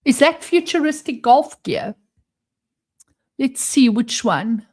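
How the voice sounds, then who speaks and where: A woman's voice: high voice, animated, slow pace, darkish tone. Chatty South African woman streamer. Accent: South African English. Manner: chatty, laughs often, reads chat aloud. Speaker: livestream host. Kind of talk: casual live-stream chat. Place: home with front door open.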